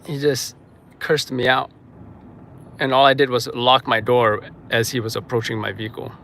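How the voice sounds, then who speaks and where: A man's voice: medium pitch, little pitch movement, normal speed, gravelly, pushed and bright, a little hiss or hum. A young man from Kazakhstan hosting a casual livestream from inside his car, joking and reading out viewer comments. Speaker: livestream street news reporter.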